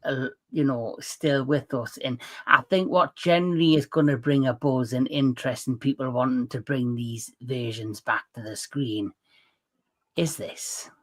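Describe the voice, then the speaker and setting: A man's voice: mid-range voice, steady tone, measured pace, a bit bright. A Geordie man hosts a casual live panel, chatty and blunt, telling stories at length in an easy, conversational way. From Newcastle, England. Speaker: livestream host.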